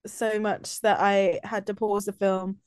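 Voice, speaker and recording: A woman's voice: mid-range voice, flat delivery, unhurried, a little mellow, clean tone. A woman guest on a film podcast, chatting casually with short reactions and laughs.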